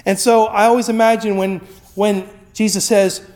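High-voiced conversational male preacher. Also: little pitch movement, moderate pace, darkish tone. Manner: conversational, with frequent tag questions. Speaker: pastor. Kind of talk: sermon.

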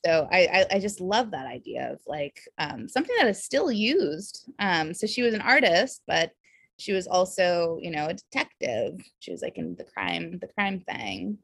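A woman's voice: lowish voice, very animated, moderate pace, gravelly, breathy edge, dry recording, studio quality. A woman from the Bay Area with a Californian accent, a podcast guest who talks casually and effusively with many fillers, sounding a little tipsy. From San Francisco Bay Area. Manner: bubbly, filler-heavy, effusive.

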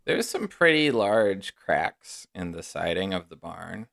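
A man narrating a tabletop game as game master, unhurried and descriptive. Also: low voice, very animated, creaky, a bit bright.

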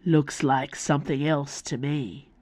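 A woman's voice: low-pitched, fairly even intonation, measured pace, darkish tone, dry recording. A woman voicing a bitter male rival assassin who sneers through gritted teeth. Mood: sneering.

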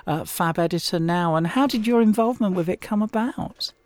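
A woman hosts a podcast interview with a mellow, dark-toned voice. She asks curious, admiring questions. Her voice sounds dry and close, with no room echo. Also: fairly low pitch, fairly quick. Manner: inquisitive and complimentary. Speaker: podcast host. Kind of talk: interviewing a guest.

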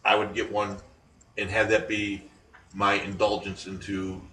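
A man co-hosting a chat show about paranormal investigations, telling rambling, animated stories full of restarts. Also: on the low side, unhurried. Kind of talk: casual radio-style chat. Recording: echoey room, distant from mic, faint noise.

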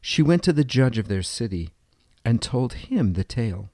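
Mellow-voiced male storyteller. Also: medium pitch, sing-song, moderate pace, no room sound, clean studio sound. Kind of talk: storybook narration.

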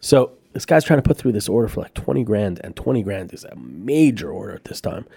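A man's voice: on the low side, expressive, a little fast, vocal fry, warm tone, husky, no echo, studio quality. A man, a company founder and podcast guest, telling rambling, profane anecdotes in casual chat.

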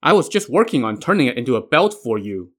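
A cocky superhuman boy, as a man reads him rattles off his deeds in a breezy, boastful way. The voice sits in an ordinary middle pitch. He sounds matter-of-fact about everything he has done. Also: big pitch swings, fast, breathy edge.

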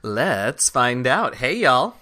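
A man's voice: medium pitch, very animated, slow pace, bright, forceful tone. A man running a tabletop game as dungeon master, with a jokey, self-mocking way of talking. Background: background music.

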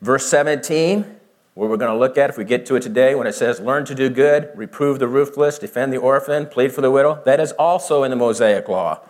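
This man teaches the Bible one verse at a time, speaking slowly, questioning his audience, and playing out both sides of the debate himself. His pitch is medium, with a slightly mellow tone.

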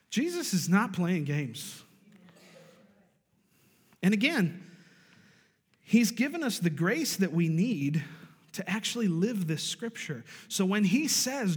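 A man's voice: sits high, animated, measured pace, husky. A man pastor preaching a sermon, building emphasis and calling out to his congregation. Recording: long reverb of a large hall.

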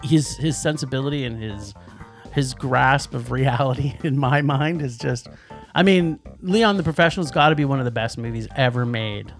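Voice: medium pitch, normal speed, faint music behind. A podcast co-host reviewing movies in casual chat, enthusiastic and rambling, often restarting sentences.

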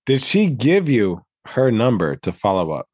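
Male host, reactive and profane, mid pitch with lively swings, dry mic. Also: measured pace, slightly rough, no room sound. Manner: reactive, swearing, interrupting. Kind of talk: casual chat.

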